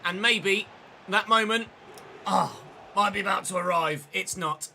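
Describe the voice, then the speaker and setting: Man, streamer play-by-play, very bright tone, faint hiss. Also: high-pitched, unhurried, vocal fry. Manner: football-style play-by-play with chatty asides to viewers. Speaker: gaming streamer. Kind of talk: live game commentary.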